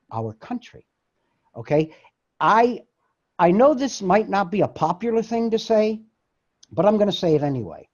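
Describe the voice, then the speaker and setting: A male host drives his argument home with emphatic conviction. His voice is husky and swings widely in pitch. The recording sounds dull and lo-fi. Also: darkish tone. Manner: emphatic, preachy. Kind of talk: casual talk show chat.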